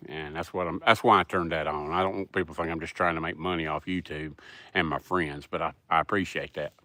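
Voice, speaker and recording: A man's voice: very deep voice, fairly even intonation, fast, bright, forceful tone, no echo. A middle-aged man with a Southern US accent, hosting a casual livestream and rambling in a folksy way as he answers chat. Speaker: livestream host.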